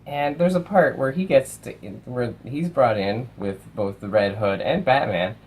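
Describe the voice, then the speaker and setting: A young man casually reviewing films, animated, swearing and acting out lines from movies. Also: mid-range voice, measured pace, breathy edge, poor audio. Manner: animated, swears, acts out quotes. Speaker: film reviewer.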